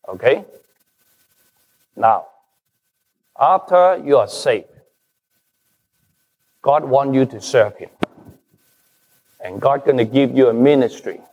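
Slow, emphatic preacher in a reverberant hall. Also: male voice, medium pitch, lo-fi sound. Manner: slow, emphatic preaching with rising and falling stresses. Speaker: pastor. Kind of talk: sermon. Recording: long reverb of a large hall.

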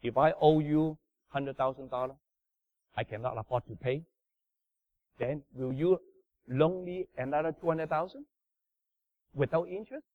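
A man preaching a sermon in non-native English, emphatic, swinging from loud bursts down to low murmurs. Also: moderate pace, pauses often, dry recording. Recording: dull lo-fi sound.

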